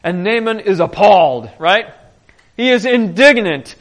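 A man preaching in a conversational way, telling stories with animation and often clearing his throat. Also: high-pitched, moderate pace. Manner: animated storytelling. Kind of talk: conversational Bible teaching.

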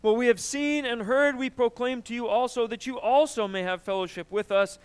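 A man preaching a sermon, emphatic and animated, often asking "right?" and clearing his throat. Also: extremely high pitch, moderate pace. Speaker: pastor.

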